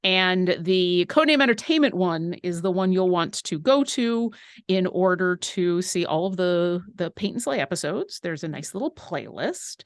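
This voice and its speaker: A woman co-hosts a live painting stream, reading viewer questions and chatting in a rambling, talkative manner full of quick asides. Her voice is on the low side and expressive, with no echo.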